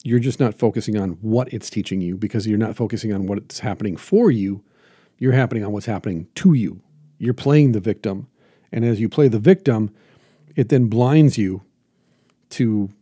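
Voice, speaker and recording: A man's voice: fairly low pitch, moderate pace, warm tone, breathy edge, dry recording, studio quality. A man hosting a reflective motivational monologue as a jiu-jitsu teacher, earnest and emphatic with lots of repetition.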